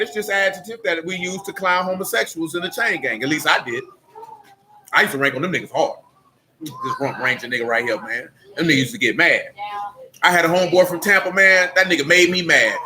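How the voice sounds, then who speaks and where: A man preaching a sermon, emphatic and blunt, with street slang and mocking asides. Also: high-pitched.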